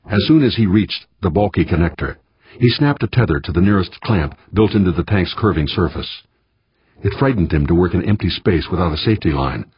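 A man reading an audiobook in a measured, steady manner. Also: deep voice, breathy edge, no echo, highs cut off. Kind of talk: audiobook narration.

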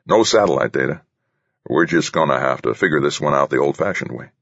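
A man voicing a brisk, wiry male forecaster who talks in a pushing, upbeat way, higher than his narrating voice. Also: lively intonation, creaky, a bit bright, slightly rough, no room sound, dull audio, heavily acted. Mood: urging.

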